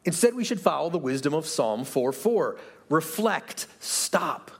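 A man's voice: a little high, very animated, normal speed, creaky, slightly rough. A pastor giving an earnest, conversational sermon to his church, asking the room rhetorical questions. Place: church sanctuary.

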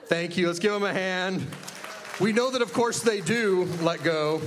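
A pastor with a somewhat high voice speaks on a church stage through a handheld microphone. He is chatty and upbeat, laughing easily as he leads the congregation in a light game. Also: unhurried, a crowd in the background. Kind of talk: sermon opening with audience game.

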